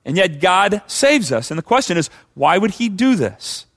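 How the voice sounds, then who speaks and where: A man's voice: high voice, sing-song, moderate pace, a bit bright. A man preaching a sermon as pastor, conversational, with many rhetorical questions.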